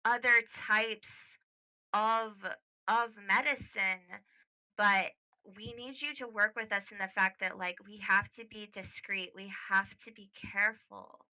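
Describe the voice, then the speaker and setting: A woman voicing a weary female doctor in a tabletop game, who sighs and speaks softly and carefully. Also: medium pitch, fairly even intonation, measured pace, highs cut off. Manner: soft, sighing, careful.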